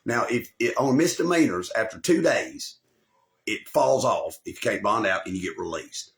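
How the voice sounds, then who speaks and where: A man's voice: on the low side, expressive, normal speed, creaky. A man, telling a rambling, profane personal story as a channel host, boasting and swearing constantly and often losing his thread. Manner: swaggering, boastful, swears constantly, loses the thread and repeats himself.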